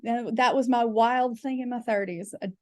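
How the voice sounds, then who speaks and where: A woman's voice: fairly high pitch, steady tone, moderate pace, no echo, studio quality. A woman telling frank, chatty comic stories as a podcast guest, with filler words and quoted voices. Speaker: guest comedian. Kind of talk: candid comic storytelling.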